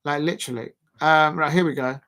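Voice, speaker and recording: A man's voice: on the high side, a little fast, slight background noise. Chatty young-sounding man streaming. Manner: rambling, chatty, lots of fillers, shouts out viewers. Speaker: live stream host. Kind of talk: casual live watch-along commentary.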